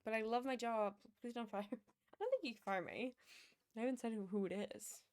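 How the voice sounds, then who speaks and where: A woman's voice: fairly high pitch, brisk. A young woman streamer chatting casually, rambling with lots of fillers and restarts. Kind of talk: casual chat.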